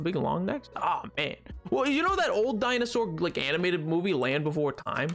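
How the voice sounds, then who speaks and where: A man's voice: sits high, very animated, moderate pace, vocal fry, hardly any pauses, fairly bright tone, faint music behind. A man streaming a game, rambling and joking with his viewers in casual chat. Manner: rambling, jokey, chatting to viewers.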